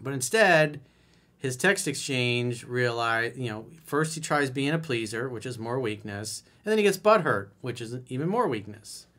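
A dating coach talks straight to his listeners in a blunt, emphatic, conversational way. This man has a mid-range pitch and reads out messages before picking them apart. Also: animated, moderate pace, bright, forceful tone. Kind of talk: solo advice monologue.

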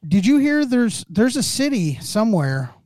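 A man's voice: high-pitched, sing-song, normal speed, a little mellow, no echo, clean studio sound. A man co-hosting a podcast, talking in a casual, rambling way with many restarts. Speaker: podcast co-host.

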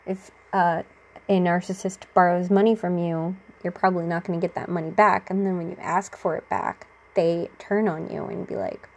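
A woman's voice: lowish voice, fairly even intonation, normal speed, a little mellow. Chatty woman who laughs as she talks. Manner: chatty, laughs often, acts out quotes. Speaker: vlogger sharing personal experience. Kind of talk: casual talk to camera.

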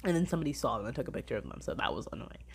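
A woman's voice: extremely low pitch, big pitch swings, racing, vocal fry, slightly rough. A woman rambling through a casual weekly review of her shows, gushing, swearing freely and saying "like" a lot. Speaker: drama reviewer.

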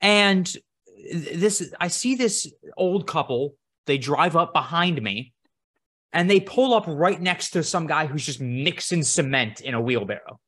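A woman co-hosting a podcast in casual chat, teasing her co-host and chiming in with quick reactions. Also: low voice, animated, fairly bright tone, husky.

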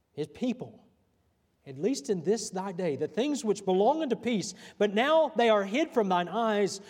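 A pastor preaching to his church, a man with a notably high voice. He builds through repeated questions and often lets his phrases sink to a near hush. The sound carries a long reverb from the sanctuary hall. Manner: preaching with pauses and repeated rhetorical questions, voice dropping soft at line ends. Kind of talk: sermon.

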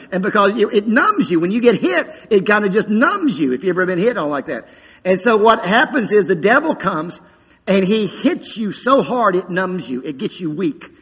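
Husky high-voiced preacher in a reverberant hall. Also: male voice, fairly bright tone. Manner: preaching with call-outs to the congregation. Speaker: pastor. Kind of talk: sermon.

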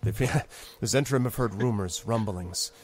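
A man voicing a stern, protective female companion who speaks firmly and quietly. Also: on the low side, measured pace, a little hiss or hum, lightly acted. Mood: warning. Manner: firm, quiet, warning.

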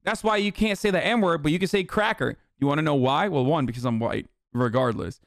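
Male streamer, mocking rant over clips, fairly high voice, dry close mic. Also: fairly quick, no echo. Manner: mocking, rants loudly with frequent cursing. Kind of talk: profane reaction commentary.

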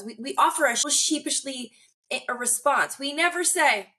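A woman's voice: sits high, animated, moderate pace, pushed and bright. A woman hosting a podcast, speaking emphatically and outspokenly, with some swearing. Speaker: podcast host. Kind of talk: casual conversational interview.

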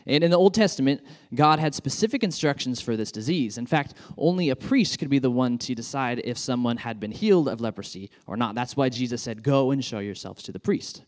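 A man's voice: mid-range voice, animated, brisk. A man, a children's pastor, giving a sermon in an enthusiastic, conversational way with frequent fillers.

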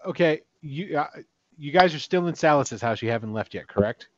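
A man's voice: on the high side, expressive, fairly quick, no room sound. A man narrating a tabletop game as game master, loose and chatty. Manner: loose, chatty, laughs often. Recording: dull, dry recording.

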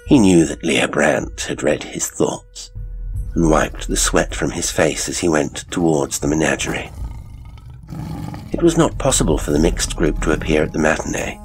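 A man reading a horror story aloud in slow, deliberate, hushed scripted narration. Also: very deep voice.

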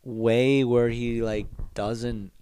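A man's voice: medium pitch, a little slow. A young man in a casual comedic rant, rambling and profane, spoken close to the mic. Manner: profane, rambling, animated riffing.

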